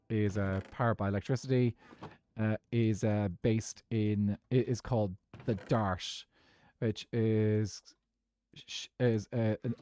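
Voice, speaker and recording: A man with a Dublin Irish accent chatting casually while streaming a game, rambling and halting, with lots of fillers and restarts. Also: medium pitch, mellow. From Ireland.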